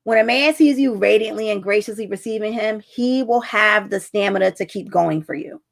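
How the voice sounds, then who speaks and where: Gravelly-voiced woman telling a story. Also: medium pitch, moderate pace. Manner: chatty storytelling, acts out quotes. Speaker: relationship coach. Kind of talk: casual talk to camera.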